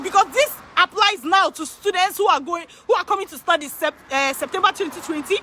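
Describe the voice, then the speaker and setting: A woman working as an immigration consultant, talking excitedly to her viewers, repeating phrases for emphasis and laughing often. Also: very high voice, slight background noise. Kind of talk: excited direct-to-camera talk. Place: in Canada.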